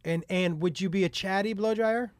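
A man's voice: high-pitched, moderate pace, no echo. A man hosting a podcast in a studio, chatting casually and swearing freely as he tells stories. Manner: swearing, storytelling with quoted voices. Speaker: podcast host. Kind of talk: casual chat. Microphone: studio microphone.

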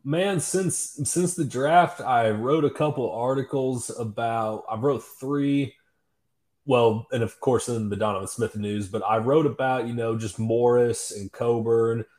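A man's voice: medium pitch, measured pace, a little mellow. A man co-hosting a sports podcast, laid-back and a little hesitant, chuckling between thoughts. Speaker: sports writer and podcast co-host. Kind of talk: casual sports podcast chat.

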